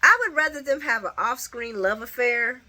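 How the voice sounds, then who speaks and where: Animated recap host, a woman, opinionated and chatty, bright voice that laughs often. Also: a little high, moderate pace. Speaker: soap opera recap vlogger. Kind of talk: casual spoken recap.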